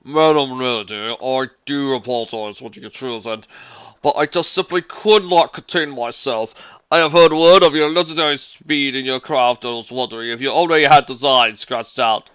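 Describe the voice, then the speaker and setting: A reader voicing a dapper, eager gentleman stallion who speaks in a pompous, formal, effusive way, on a dull lo-fi recording. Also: mid-range voice, moderate pace, clear, resonant tone, dry recording, voice pushed up, close to an everyday voice.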